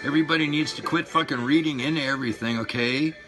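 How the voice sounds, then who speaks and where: A man in his sixties ranting and swearing at his viewers, loud one moment and muttering low the next. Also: quick pace. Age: 60s. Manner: fired-up, profane, swings between shouting and low mutters. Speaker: vlogger. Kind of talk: profane rant to camera. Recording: music playing behind the voice.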